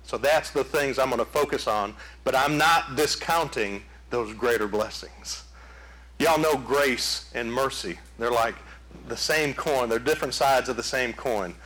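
A man preaching a sermon, telling folksy stories in an animated way. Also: mid-range voice, measured pace, poor audio. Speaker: pastor.

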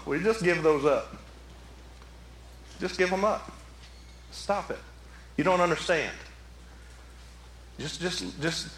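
A man's voice: fairly high pitch, sharp tone, roomy sound, a little hiss or hum. A man preaching a folksy sermon in a church, talking conversationally with repeated rhetorical questions. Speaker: pastor. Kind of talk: folksy Mother's Day sermon. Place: church sanctuary.

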